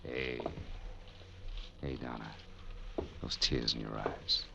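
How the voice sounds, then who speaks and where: Philip Marlowe, deep-voiced wry private eye. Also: male voice, flat delivery, takes it slowly, creaky, background noise, full character voice. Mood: soothing. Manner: dry, wisecracking, soothing to others. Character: hard-boiled male private eye, wry, tough. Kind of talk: 1940s radio drama acting with first-person narration. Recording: lo-fi vintage radio broadcast with music.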